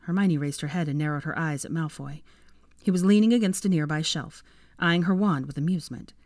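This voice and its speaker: A woman narrating a fan fiction story in an expressive, measured reading. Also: low-pitched, no room sound, studio quality. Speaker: fanfiction reader.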